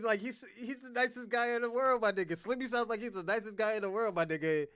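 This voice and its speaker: A man's voice: high-pitched, steady tone, fast talker, few pauses, fairly bright tone, clear, resonant tone, no room sound, clean studio sound. A man streaming his reaction to a talk show, laughing often and talking bluntly and crudely. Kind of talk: casual reaction commentary.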